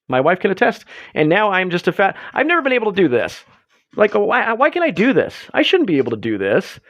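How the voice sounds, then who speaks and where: A man in his young adult years hosts a late-night livestream alone, riffing on chat messages with rambling, self-mocking jokes. His voice sits high and leaps up and down constantly. The sound is dry and close. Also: huge pitch swings, brisk, dry recording, lo-fi sound. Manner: rambling, self-mocking, jokey, swings his pitch up and down a lot. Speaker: livestream host.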